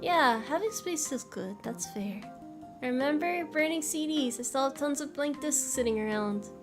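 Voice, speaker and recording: Young woman, high voice, giggly casual streamer chat, faint music under it. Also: lively intonation, normal speed. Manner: giggly, self-deprecating, trails off and restarts. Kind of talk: casual chat reading viewer messages.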